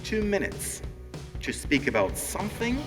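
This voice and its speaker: Man, Ukrainian accent, lively pitch, slow deliberate pace, stand-up language lesson, reverberant hall. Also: over music. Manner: animated, addresses the audience directly, acts out panicked learners. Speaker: language teacher and show host. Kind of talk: stand-up style language lesson to a live audience.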